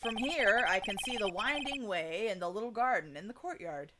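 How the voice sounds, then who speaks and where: A woman's voice: medium pitch, lively intonation, normal speed, very noisy, close to an everyday voice. Woman reading as a wry young lawyer. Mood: musing. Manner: dry, musing read-aloud. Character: young male defense lawyer, wry inner voice. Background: game music.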